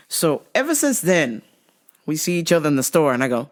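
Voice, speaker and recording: A woman hosting a podcast who tells a comic story in an animated way, laughing often and swearing freely. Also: low voice, brisk. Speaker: podcast host.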